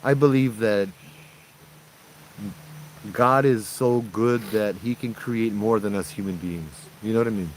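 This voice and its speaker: On a rough-sounding night-time stream outdoors, a young Hawaiian-accented man jokes, chats and reads viewer comments aloud. His voice sits on the low side and is unhurried, with frequent pauses. Slight background noise is audible.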